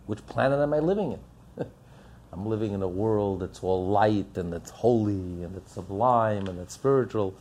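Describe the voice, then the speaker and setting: Impassioned husky male preacher. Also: lowish voice, unhurried, a little mellow. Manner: impassioned, builds up with rhetorical questions. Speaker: religious teacher. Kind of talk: sermon.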